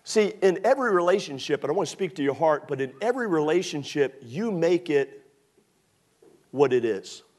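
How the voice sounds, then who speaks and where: A man from Maryland preaching from the pulpit. His fairly high voice stays loose and conversational, full of jokes, then swells with emphasis when he presses a point. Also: expressive, moderate pace, darkish tone. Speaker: pastor. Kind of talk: sermon.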